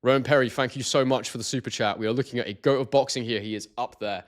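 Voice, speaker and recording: He's a boxing stream host with a mid-range voice who talks fast. Excitable and loose, he speaks straight to his audience and keeps reading chat names and messages.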